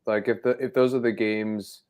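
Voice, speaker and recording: A man's voice: lowish voice, steady tone, normal speed, darkish tone, smooth. A man co-hosting a casual sports talk show, giving rambling, enthusiastic game analysis. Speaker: podcast co-host.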